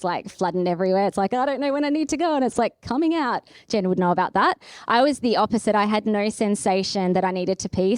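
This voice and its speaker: An Australian woman in her thirties giving a candid, chatty keynote talk at a conference, telling her story with animated asides. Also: mid-range voice, smooth, no echo, studio quality. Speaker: keynote speaker. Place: conference room.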